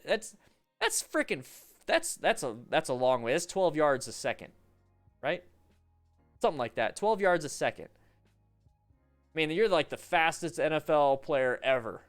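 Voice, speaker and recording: Animated joking male riding coach. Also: a little high, smooth. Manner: animated, joking, rambling with restarts. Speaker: motorcycle riding instructor. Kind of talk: livestream commentary on riding videos.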